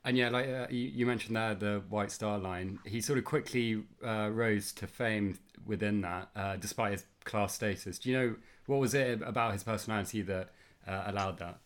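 A man's voice: on the low side, steady tone, moderate pace. A man co-hosting a podcast who talks casually, fills his questions with likes and uhs, and introduces the guest. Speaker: podcast host. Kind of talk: casual interview chat.

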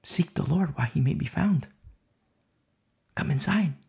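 Man, preacher, sermon, fervent, swings to whispers, gravelly, husky. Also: fairly high pitch, fairly quick. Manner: fervent, dramatic swings from loud declarations to whispers.

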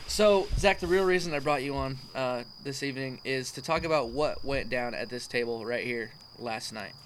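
A man hosting a casual chat outdoors at night, teasing his guest and animated when he retells a story. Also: medium pitch, normal speed, a little hiss or hum, poor audio. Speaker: podcast host. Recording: faint outdoor night ambience with crickets.

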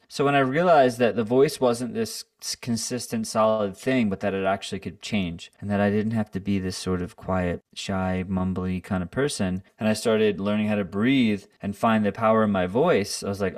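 A man's voice: on the low side, steady tone, brisk, hardly any pauses, no echo, clean studio sound, far from the mic. A man talking as a podcast guest in a casual interview, reflective and earnest in how he speaks.

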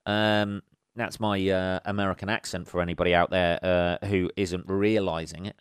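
Man, low smooth voice, dry close sound, solo comedy podcast, rambling, sweary, lots of ums. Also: steady tone, measured pace, no echo. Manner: rambling and sweary, with frequent ums and wry asides. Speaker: podcast host. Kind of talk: solo comic podcast monologue.

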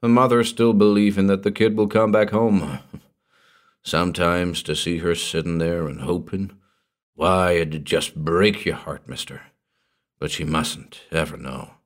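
A man voicing a superstitious old backwoods hermit, in a slow rustic drawl that keeps dropping to a hushed, ominous tone. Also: low-pitched, steady tone.

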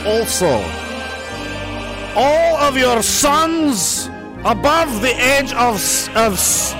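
A man voicing a grandiose male communist governor in a mock Russian accent, slowly reading out absurd decrees. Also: very high-pitched, very animated, music in the background, pitched above the performer's own voice, heavily acted, low-quality recording. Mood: pompous decree.

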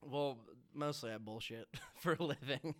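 A man's voice: mid-range voice, a little slow. A young man from Alabama, a podcast guest chatting casually and telling tall tales with a straight face. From Alabama, United States. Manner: deadpan joking, tall tales told straight. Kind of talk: casual chat.

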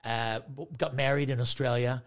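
Speaking at a moderate pace with a medium pitch, a man in his forties appears as a comedian guest on a podcast and spins a casual story. He gets animated, laughs a lot and does impressions of the people involved.

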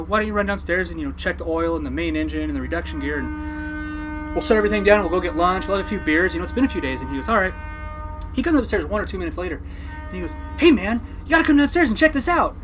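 A man telling a casual story about captaining a fishing boat, animated and swearing casually. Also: a little high, slight background noise, low-quality recording. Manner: animated, mimics people in quotes, swears casually.

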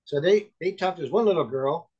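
Over a remote call, a guest who is a chaplain and author shares his personal testimony earnestly and ramblingly, often circling back, restarting sentences, and using plenty of fillers. His animated, brisk voice is fairly high for a man, dark-toned and breathy. The audio has its highs cut off.

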